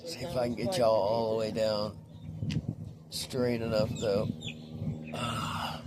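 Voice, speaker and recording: A man's voice: on the low side, flat delivery, takes it slowly. A man vlogging casually outdoors by the water, chatting to his viewers in a rambling, easygoing way while filming on his phone. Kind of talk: casual outdoor vlog talking to camera. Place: outdoors by a pond or lake. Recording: outdoor phone recording with background noise.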